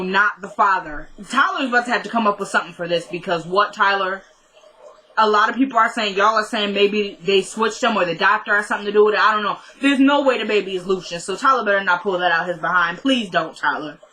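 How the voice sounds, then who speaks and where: A woman's voice: mid-range voice, brisk, bright, forceful tone, poor audio. A woman casually recapping a TV episode in a chatty way, retelling scenes with lots of "she goes" and "he's like". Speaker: TV episode reviewer.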